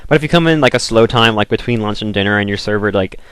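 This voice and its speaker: Rambling young man, low dry voice. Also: quick pace, fairly bright tone, clean tone, no room sound. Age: young adult. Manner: rambling, filler-heavy, lots of "like". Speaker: let's play commentator. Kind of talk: casual rambling commentary.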